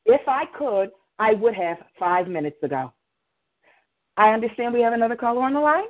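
A woman hosts a live call-in radio program and speaks in a formal, measured way as she tries to keep order. Her voice comes through narrow and phone-like. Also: on the high side, big pitch swings. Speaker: radio call-in show host. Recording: narrow phone-line sound.

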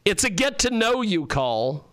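A man's voice: sits high, sing-song, unhurried, fairly bright tone, no room sound. A man hosting a radio talk show in casual chat, telling rambling stories and laughing often.

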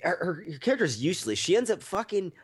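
A man's voice: high-pitched, sing-song, fast, slightly rough. A man co-hosting a movie podcast, telling stories in a rambling, profane, laughing way. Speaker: podcast co-host. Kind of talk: casual movie-review chat.

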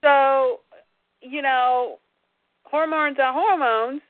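A woman's voice: sits high, fairly even intonation, extremely slow, dry recording. A woman co-hosting a casual chat about comics, chatty and exclaiming. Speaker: podcast co-host. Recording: dry, tinny phone-like line.

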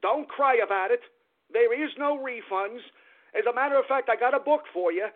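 A smug, boastful old politician gloats and sneers about his own tricks, as a high-voiced radio host puts him on. The voice stays high and comes through thin and tinny, like a phone call. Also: moderate pace. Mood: gloating. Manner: gloating, sneering mock confession.

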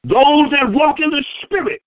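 A man preaching a fervent sermon, acting out the people in the verses and breaking into loud bursts. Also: very high voice, expressive, moderate pace, no room sound, muffled recording. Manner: acts out the speakers in the verses.

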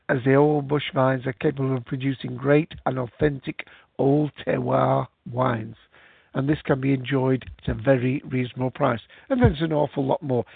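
Male host, rambling casual chat, gravelly fry, dry phone-like sound. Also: medium pitch, dry recording. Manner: rambling, chatty, many fillers. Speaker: podcast host. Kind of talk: casual live-show chat.

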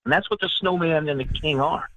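A man's voice: on the high side, brisk, a bit bright, dry recording, low-quality recording. A man from the Northeastern United States hosting a casual chat, telling stories in a boastful, mock-arrogant way. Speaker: podcast host.

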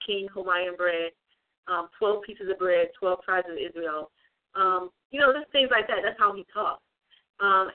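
An online religious speaker giving an informal livestream talk, rambling with many fillers and repeated phrases. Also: mid-range voice. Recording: tinny phone-like sound.

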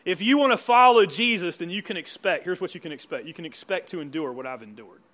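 A pastor preaches a sermon to a church congregation, conversational and full of questions for his listeners. His high voice is fast and a bit bright.

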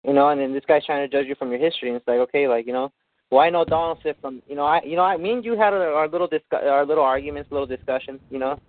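A man's voice: fairly high pitch, very fast, no room sound. A man chatting casually on a call, rambling with lots of "like" and "you know". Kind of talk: casual phone chat. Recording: tinny dry phone line.

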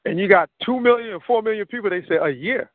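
A man's voice: sits high, fast talker, no room sound. A man talking casually on a call, rambling and piling up examples, a bit winded. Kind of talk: casual conversation. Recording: tinny phone line.

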